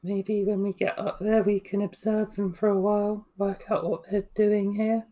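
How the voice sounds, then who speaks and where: Calm deadpan woman player. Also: mid-range voice, normal speed. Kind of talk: tabletop game play.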